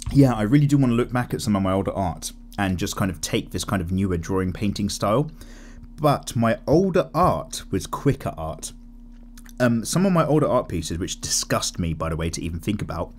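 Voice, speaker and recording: A man's voice: lowish voice, slight background noise. A young man casually chatting while he draws, reading viewer comments aloud and rambling candidly through tangents. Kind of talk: casual chat while drawing.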